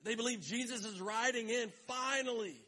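A middle-aged male pastor delivering a sermon in a relaxed, chatty tone. His voice sits somewhat high for a man. He slips in light jokes and briefly acts out the people in his stories. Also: normal speed. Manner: conversational, joking asides, acts out quoted voices.

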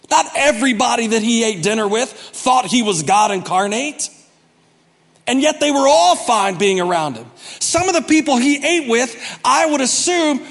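A man preaching with a high, lively voice, chatting with the congregation and acting out the quotes. The sound rings with long reverb from a big church hall. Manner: animated, conversational preaching with acted-out quotes. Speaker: pastor. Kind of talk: sermon.

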